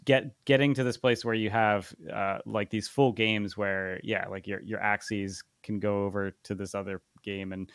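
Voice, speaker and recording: A man co-hosting a podcast in casual chat, relaxed and thinking aloud with lots of fillers. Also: on the low side, moderate pace, few pauses, smooth, no room sound. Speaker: podcast co-host.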